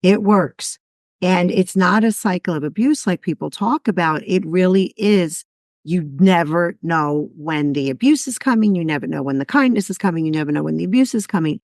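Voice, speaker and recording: A woman's voice: on the low side, normal speed, darkish tone, no room sound, studio quality. A woman in a podcast conversation who explains steadily and often answers with brief agreement. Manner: affirming, brief backchannels, explanatory.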